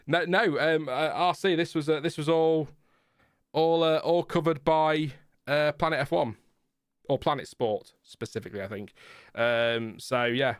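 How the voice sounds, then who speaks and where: A man's voice: fairly high pitch, no echo, clean studio sound. A man hosting a casual live watchalong, rambling and chatty with lots of fillers and laughs. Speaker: livestream host.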